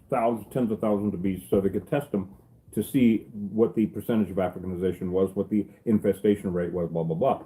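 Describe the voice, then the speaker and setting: A man's voice: lowish voice, warm tone, rough recording. A middle-aged man, a beekeeper, telling stories in casual chat, rambling and cracking jokes with salty asides. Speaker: beekeeper and channel host.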